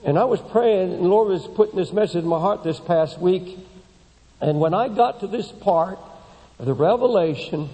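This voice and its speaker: Preacher guy giving a sermon, high voice, mellow tone, rises to big peaks then goes low n slow, long church echo. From United States. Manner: repeats words when building up. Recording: long hall reverb.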